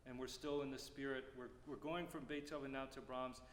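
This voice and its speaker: A man teaching a music clinic, explaining phrasing and singing rhythms aloud with lively syllables. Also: mid-range voice, fairly quick. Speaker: percussion clinician. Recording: roomy hall reverb, faint noise.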